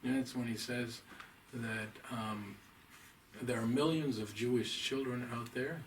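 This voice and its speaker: A man, a rabbi, giving a deliberate, emphatic, scholarly lecture to a small audience. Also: medium pitch, fairly even intonation. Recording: distant mic, faint room noise.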